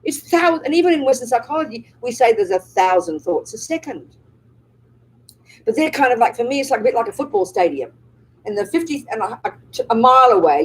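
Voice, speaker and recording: Emphatic husky nun giving a dharma talk. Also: female voice, on the high side, poor audio. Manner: emphatic, keeps checking the audience understands; rhetorical questions and tag questions. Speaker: Buddhist nun teaching. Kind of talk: live dharma talk with audience Q&A.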